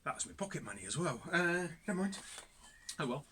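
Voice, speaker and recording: A man's voice: fairly high pitch, very animated, brisk. Chatty jokey man leading a scout video. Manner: chatty, jokey, self-deprecating. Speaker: cub scout leader. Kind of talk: casual instructional video. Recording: background noise.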